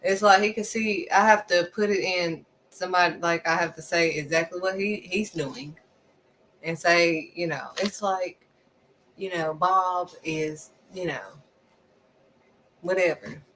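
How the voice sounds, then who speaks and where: A woman's voice: fairly low pitch, steady tone, a little slow, a bit bright, slight background noise. A woman preaching to her viewers in an emphatic style, repeating lines for stress and acting out other people's voices. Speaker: faith-based vlogger. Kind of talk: preaching to camera.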